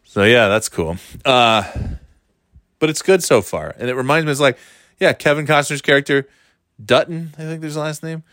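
A man's voice: on the high side, moderate pace, fairly bright tone, no room sound, studio quality. A man chatting casually on his own, rambling and wry, with a candid, offhand way of talking. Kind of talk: casual solo chat.

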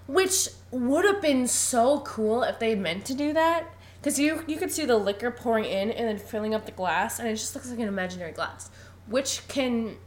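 A young woman co-hosting a podcast, recapping a film in casual chat and acting out the characters' lines. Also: a little high. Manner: animated, laughs often, acts out lines. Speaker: podcast co-host.

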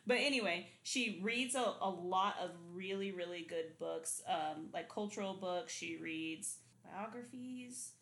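A woman co-hosting a podcast in casual chat, slangy and quick to laugh, recorded at home. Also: fairly low pitch, a bit bright. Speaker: podcast co-host. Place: home room, people outside. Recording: roomy echo.

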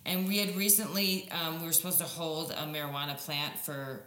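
A woman in her forties co-hosting a casual podcast, telling stories in an animated way and swearing freely. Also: low voice, brisk. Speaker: podcast co-host. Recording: roomy echo with faint music.

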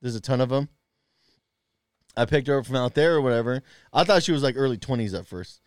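A man's voice: medium pitch, a little fast, no echo, clean studio sound. A man chatting casually on a podcast, rambling and swearing, with lots of fillers and restarts. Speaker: podcast co-host, rideshare driver. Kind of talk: casual chat.

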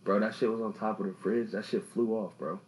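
A young man hosting a casual podcast, telling stories in an animated, slangy way. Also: on the low side, a little fast, rough recording. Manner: animated, slangy storytelling with loud laughing outbursts. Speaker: podcast host.

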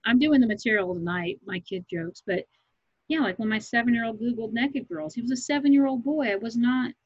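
A middle-aged woman from Kansas, a comedian, talking loudly and emphatically in a rambling podcast chat. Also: fairly high pitch, fairly quick, no room sound. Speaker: comedian guest. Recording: muffled lo-fi recording.

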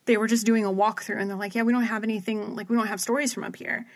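Chatting casually with a friend, a female podcast co-host recaps a paranormal TV episode in a long, winding story. Her voice is fairly high and level, and she talks fast, relying heavily on "like", restarting herself, and acting out quotes in her own voice.

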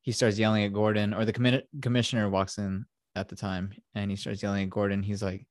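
A man's voice: on the low side, flat delivery, quick pace, no echo, studio quality. A man hosting a podcast, casually retelling a movie in a rambling, profane way full of fillers. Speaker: podcast host.

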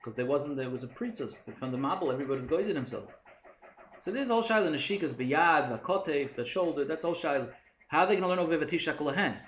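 A man teaches in a casual Torah study session, speaking fast and posing questions as he goes. He mixes Hebrew and Yiddish terms into his English. The recording sounds echoey, with faint noise behind him. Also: a little high, expressive.

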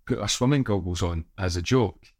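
Relaxed man, low voice. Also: a little fast, no room sound, clean studio sound. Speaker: podcast co-host. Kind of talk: casual chat.

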